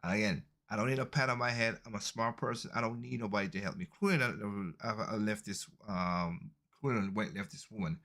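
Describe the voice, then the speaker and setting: A man's voice: lowish voice, fairly quick, few pauses, pushed and bright. A man hosting a casual podcast, commenting on video clips in an emphatic, repetitive way. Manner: emphatic, repeats his points. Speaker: podcast host.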